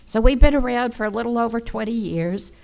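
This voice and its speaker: A woman volunteer for a nonprofit giving a prepared public presentation at a council meeting, measured, polite and organized. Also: a little high, creaky, a little mellow, rough recording.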